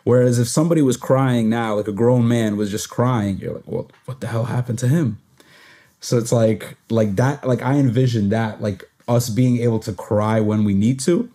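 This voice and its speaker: Soft-spoken, hesitant young man. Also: mid-range voice, normal speed, hardly any pauses. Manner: hesitant, many fillers and restarts. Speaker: podcast host. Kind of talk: reflective conversational sharing.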